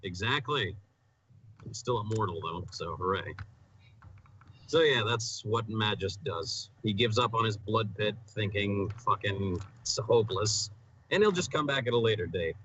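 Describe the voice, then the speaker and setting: A man's voice: on the low side, expressive, unhurried, fairly bright tone, lo-fi sound, slight background noise. A man playing a tabletop game with friends, joking and sarcastic. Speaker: player. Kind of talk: casual tabletop game chat.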